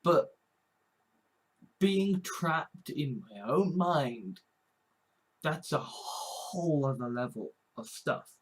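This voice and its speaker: A man from Britain, talking earnestly in a halting personal monologue, repeating words and swearing often. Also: on the high side, lively intonation, low-quality recording. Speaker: vlogger. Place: home.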